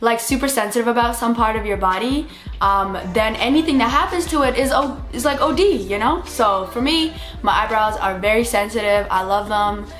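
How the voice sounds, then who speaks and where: A woman's voice: fairly high pitch, normal speed, faint music behind. A young woman vlogging a casual story time, retelling events expressively and acting out what others said. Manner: expressive storytelling that acts out other people's lines.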